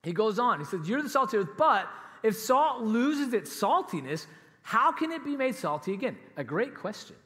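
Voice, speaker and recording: A man's voice: high voice, very animated, moderate pace, a bit bright, big-room sound. A man preaching a sermon as pastor, emphatic and conversational, with laughs and casual asides. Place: church auditorium.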